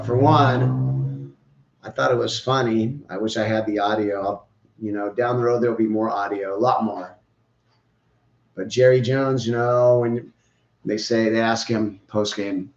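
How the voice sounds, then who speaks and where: A man hosting a podcast, giving opinionated, rambling, joking sports commentary. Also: mid-range voice. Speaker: podcast host. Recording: roomy, dull lo-fi sound.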